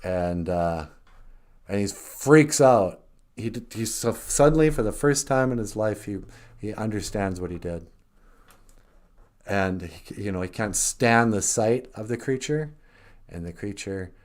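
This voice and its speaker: A man's voice: lowish voice, animated, unhurried, darkish tone. A man co-hosting a podcast, retelling a story casually and rambling, with many restarts. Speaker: podcast co-host.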